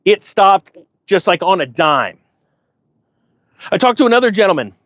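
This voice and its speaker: Male host, 40s, high voice, repetitive motivational talk, dry recording. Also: moderate pace, dry recording. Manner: animated storytelling with quoted voices. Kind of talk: casual monologue to viewers.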